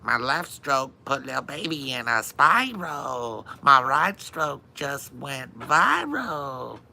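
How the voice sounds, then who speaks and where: A man's voice: medium pitch, very animated, slow, gravelly, pushed and bright, slight background noise, pitched above the performer's own voice, full character voice. A man putting on a mocking impression of a rapper, drawn out and sing-song. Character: mocking impression of a male rapper, nasal and whiny.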